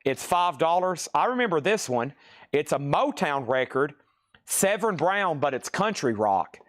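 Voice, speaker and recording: A man running a live-stream record sale in a store, rattling off titles and prices in a quick sales patter, tired and saying his voice is wearing out. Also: fairly high pitch, big pitch swings. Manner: rapid auction-style calling of items and prices, chatty asides. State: tired, voice getting worn.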